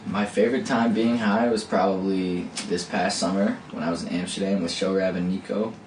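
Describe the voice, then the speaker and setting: A man telling a relaxed story in casual chat, soft-spoken with fillers. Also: low-pitched, a little fast. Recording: distant, echoey mic with loud background noise.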